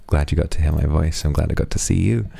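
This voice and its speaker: Very deep, gravelly-voiced man streamer. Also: quick pace, no echo. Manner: warm, affectionate thank-yous with playful asides. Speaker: streamer reading donations. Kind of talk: casual live-stream chat.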